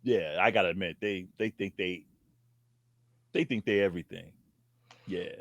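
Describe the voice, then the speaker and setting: A man's voice: low voice, moderate pace, a bit bright, no room sound. A man from the Bronx, co-hosting a podcast with a New York accent, playful, laughing often and acting out bits of dialogue. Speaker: podcast co-host. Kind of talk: casual chat.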